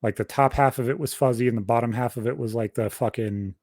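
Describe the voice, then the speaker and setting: A man's voice: mid-range voice, quick pace, dry recording. Young guy on a podcast mic, swears nonstop, rambly story, dry close sound. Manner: profane, rambling, animated storytelling. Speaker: podcast host. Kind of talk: casual storytelling.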